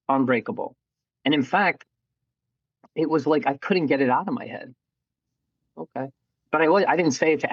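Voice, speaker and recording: A man's voice: medium pitch, no room sound, dull audio. A middle-aged man telling his life story in a candid, casual interview, acting out what people said to him. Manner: candid, animated storyteller who acts out quoted voices and swears casually.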